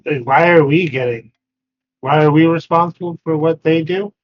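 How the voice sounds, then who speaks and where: A man's voice: fairly high pitch, normal speed, highs cut off. A man playing in a tabletop game, speaking in a playful, mock-suspicious way. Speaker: player. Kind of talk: casual tabletop game play.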